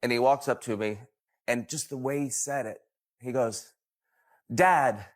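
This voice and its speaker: A man on a talk show, slowly telling an embarrassing story about his little son. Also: mid-range voice, steady tone.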